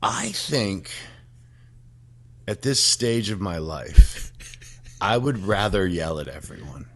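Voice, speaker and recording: A man's voice: low voice, animated, a little slow, fairly bright tone. A man co-hosting a podcast, a former pro bodybuilder, talking in a rambling, self-mocking way. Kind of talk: casual chat.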